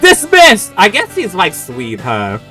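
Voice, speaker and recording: A man's voice: mid-range voice, sing-song, moderate pace, a bit bright, soft background music. Playful young man streaming a game. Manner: playful, joking, laughs often. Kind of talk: game playthrough commentary.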